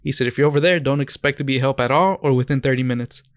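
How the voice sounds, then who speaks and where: On a podcast, a young American co-host chats casually, meandering through anecdotes and often starting his sentences over. His mid-range voice is smooth and clear and moves at a quick pace. The close, dry mic picks up no room sound.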